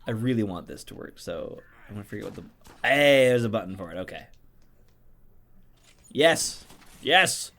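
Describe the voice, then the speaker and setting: A man's voice: fairly low pitch, expressive, moderate pace, vocal fry, pauses often, a bit bright. A man casually co-hosting a game let's play, joking around and trailing off mid-thought. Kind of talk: casual gameplay commentary.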